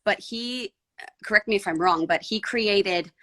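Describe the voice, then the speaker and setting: A woman's voice: medium pitch, unhurried, pushed and bright. A woman voice actor from San Diego, chatting casually as a guest with lots of "like" fillers. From San Diego, USA. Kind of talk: casual podcast chat.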